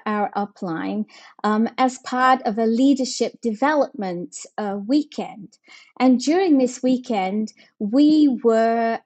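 A woman giving a motivational talk as a guest speaker, talking in a measured, steady way with some fillers. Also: fairly high pitch. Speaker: guest speaker, team leader.

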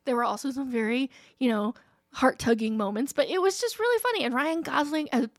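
A woman's voice: sits high, lively intonation, a little fast, dry recording, studio quality. A woman in her forties co-hosting a podcast, chatting casually, laughing often and saying "like" a lot. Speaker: podcast co-host. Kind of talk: casual chat.

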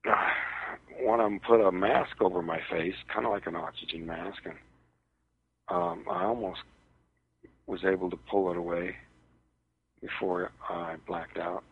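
A man appears as an interview guest on radio, haltingly recounting a personal ordeal over a tinny phone line. His voice is low-pitched with a breathy edge and fairly even intonation.

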